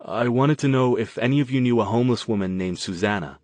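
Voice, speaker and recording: A man's voice: mid-range voice, fast talker, darkish tone, no echo, natural voice. Narrator guy doing an earnest young dude, kinda urgent, dry close sound. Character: earnest young man searching for his sister.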